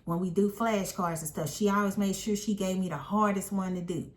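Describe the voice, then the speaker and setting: A woman casually telling a personal story in an animated, emphatic way. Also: medium pitch, brisk. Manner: animated, emphatic retelling with quoted voices.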